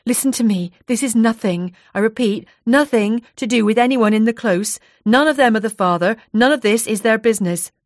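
A woman's voice: medium pitch, expressive, moderate pace, no room sound, clean studio sound, voice pushed up, lightly acted. A woman voicing a distressed young woman who speaks in a raised, insistent, emotional way.

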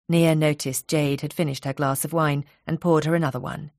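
A woman with a fairly low voice reads a novel aloud, calm and even. The recording is dry and close, with no room echo. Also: a little fast, few pauses. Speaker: audiobook narrator. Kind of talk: scripted storybook narration.

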